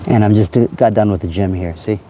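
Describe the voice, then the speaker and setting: A man's voice: lowish voice, fast talker, dark tone, slight background noise. A man talking in a rambling, self-help way on a casual livestream, outdoors at night by a parked car, into a phone.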